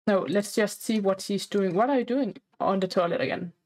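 A woman's voice: medium pitch, moderate pace, darkish tone. Chatty woman narrating gameplay as the baby. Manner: chatty, speaks as the baby character, playfully demanding. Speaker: gameplay commentator. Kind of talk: casual gameplay commentary.

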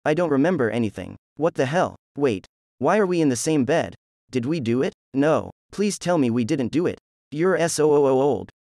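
A man's voice: medium pitch, lively intonation, normal speed, darkish tone, no echo, studio quality, natural voice. A man voicing a cocky, reckless teenage ninja antihero with a smug, mocking way of talking.

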